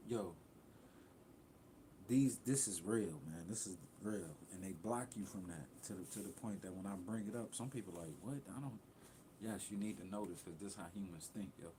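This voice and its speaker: A man's voice: low voice, brisk, few pauses, background noise. A young man talking bluntly and profanely in a rambling livestream rant, jumping between thoughts. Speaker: livestream host.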